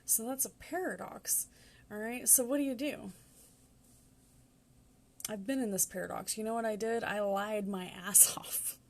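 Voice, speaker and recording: A woman's voice: medium pitch, unhurried, pauses often. A woman in her forties with a Southern accent, giving a casual tarot reading in a chatty, rambling way and laughing often. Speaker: tarot reader.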